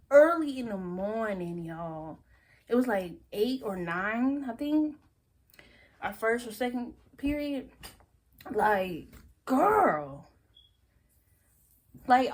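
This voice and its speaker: A young woman casually telling a story-time vlog, animated and laughing often, acting out her friends' lines. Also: on the high side. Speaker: storyteller vlogger.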